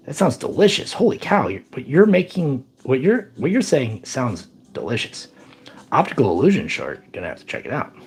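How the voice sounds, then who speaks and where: Animated, rambling male streamer. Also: mid-range voice, normal speed, husky. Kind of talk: casual live stream chat, reading chat.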